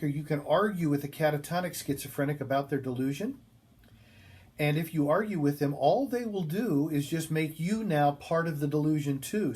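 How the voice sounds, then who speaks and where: A man's voice: a little high, darkish tone. A man giving a classroom lecture, talking casually with many ums and restarts as he tells a story from his work.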